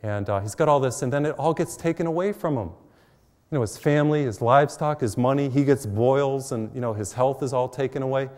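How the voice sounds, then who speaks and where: A middle-aged priest preaches in a relaxed, conversational way, weaving homely personal stories into his sermon. His voice sits at an ordinary middle pitch for a man. The sound carries a long reverb from the church around him. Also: brisk. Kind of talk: televised sermon. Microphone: mic while facing cameras.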